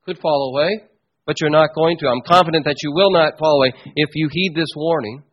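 A man preaching a sermon in a church, teaching with strong emphasis that drops to quiet asides. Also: on the high side, fairly quick, husky, muffled recording. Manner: emphatic teaching, swings between loud stresses and quiet asides.

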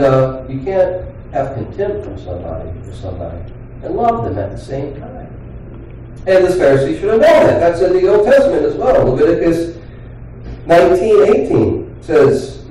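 A man preaching a sermon as pastor, talking in an earnest, conversational way with pauses and restarts. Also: medium pitch, dark tone, slight background noise. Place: church sanctuary. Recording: very echoey hall, voice from far off.

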